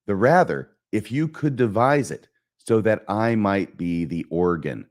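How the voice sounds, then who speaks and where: A man's voice: fairly low pitch, lively intonation, a little slow. A man reading a vengeful young nobleman's lines aloud in a plain reading voice. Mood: determined.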